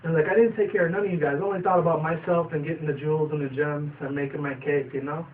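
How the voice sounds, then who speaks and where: A man voicing a remorseful male pet bunny, mumbling an apology that trails off low. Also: steady tone, quick pace, a little hiss or hum, close to an everyday voice. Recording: distant tinny phone-like sound.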